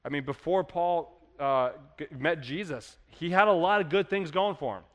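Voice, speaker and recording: A man in his thirties preaches a sermon in a high, light voice. He talks to the room conversationally and then builds to emphatic peaks. His voice rings out in a church hall with a long reverb. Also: normal speed, a bit bright. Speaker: pastor.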